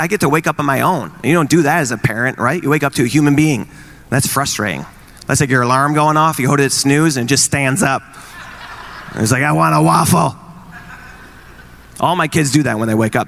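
A man's voice: mid-range voice, fast, fairly bright tone. A man in his thirties doing a stand-up routine, with wry, exasperated stories about marriage and parenting. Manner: wry, exasperated dad storytelling. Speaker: stand-up comedian.

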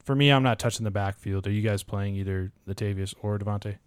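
A man with a low, smooth, clear voice talks through matchups in a steady, measured way. He sounds close to the microphone in a dry, dead room. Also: dry recording. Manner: steady, reads odds and injury news in a measured way. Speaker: fantasy football podcast co-host. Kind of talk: casual podcast chat.

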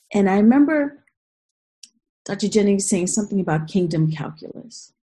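A woman's voice: medium pitch, expressive, normal speed, dark tone, breathy edge, poor audio. A woman earnestly telling a personal story, emotional and full of restarts and vivid retellings.

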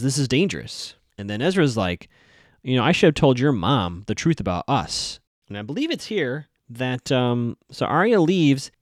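A man giving a casual, chatty recap of a TV episode, acting out the characters' lines in quick asides. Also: mid-range voice, no echo, studio quality. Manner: chatty, animated, with quoted asides.

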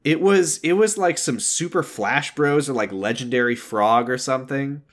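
A man's voice: mid-range voice, normal speed. A man co-hosting a podcast, telling stories in a rambling, self-interrupting way. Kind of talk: casual chat.

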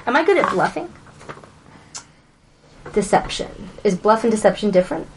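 A woman's voice: medium pitch, animated, normal speed, noisy background. A woman playing a tabletop game, joking around and asking lots of questions. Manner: playful, jokey, asks lots of questions. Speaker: player.

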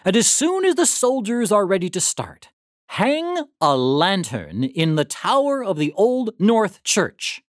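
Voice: medium pitch, huge pitch swings, measured pace, dry recording, studio quality. A storybook reader voicing a determined colonial man planning a night ride, speaking in firm, urgent commands. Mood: resolute. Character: Paul Revere, determined colonial man rider. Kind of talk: storybook reading.

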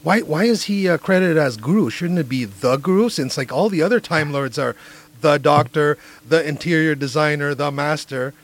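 A male interviewer with a fairly high voice asks questions in a relaxed way. He often trips over his words and repeats them before getting a sentence out. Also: moderate pace. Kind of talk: casual interview chat.

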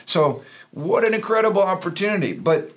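A middle-aged man who is a pastor and podcast co-host talks on a casual Christian podcast in an earnest, preachy storytelling style. His voice sits high and comes out very animated and brisk.

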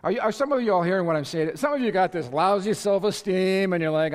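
Guy pastor preaching, pretty high voice, punchy and loud at times, jokey, long echo from a big church hall. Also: fast, hardly any pauses. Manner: energetic, emphatic preaching with sudden shouts and playful asides. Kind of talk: sermon. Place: church auditorium with congregation.

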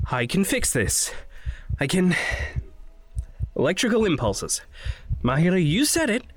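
Jittery young vampire guy, stammers a lot, voice jumps all over, slow and halting, bit of music behind. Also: lowish voice, sing-song. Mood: panicked. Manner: stammering, breathless, pleading. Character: young male vampire, anxious, guilt-ridden. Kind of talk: audio drama acting.

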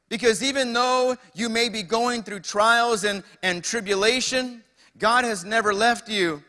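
A man's voice: very high-pitched, a little slow, sharp tone, long reverb tail. A young man preaching a sermon as pastor, calling out to the congregation with asides and rhetorical questions. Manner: preaching with call-outs to the congregation.

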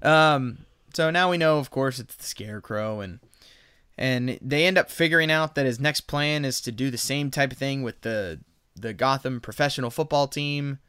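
A male co-host talking casually on a podcast and looping back to correct himself as he retells the story. His voice is bright and crisp. It sounds close and dry, with no room around it. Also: mid-range voice, moderate pace, dry recording. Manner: rambling, self-correcting recaps. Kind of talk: casual chat.

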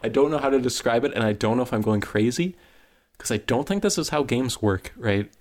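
A man co-hosting a podcast, chatting casually in an animated, rambling way that jumps up in pitch when he gets excited. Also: fairly quick. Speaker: podcast co-host. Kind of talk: casual chat.

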